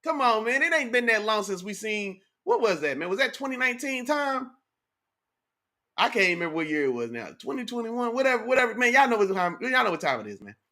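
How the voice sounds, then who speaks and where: A man's voice: very high-pitched, big pitch swings, fast, sharp tone. A young man hosting a casual sports livestream, hyped and slangy, calling out his chat viewers. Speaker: sports talk livestream host.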